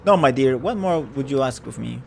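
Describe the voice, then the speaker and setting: A man's voice: mid-range voice, lively intonation, moderate pace, creaky, faint music behind. A man voicing an old woman fortune teller who talks in a grand, flowery, scheming way. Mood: theatrical.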